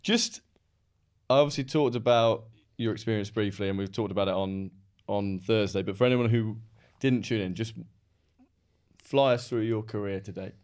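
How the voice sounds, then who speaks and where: A man's voice: lowish voice, normal speed, darkish tone. A man with an English accent hosting a podcast interview, chatty and jokey, laughing often. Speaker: podcast host. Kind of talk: casual interview chat.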